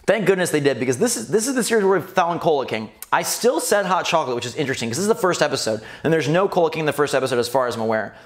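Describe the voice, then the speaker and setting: A man hosting his gaming channel, reminiscing in casual commentary and jumping up high when amused. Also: rapid-fire, few pauses. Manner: animated, rising to high squeals when amused. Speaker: gaming YouTuber host.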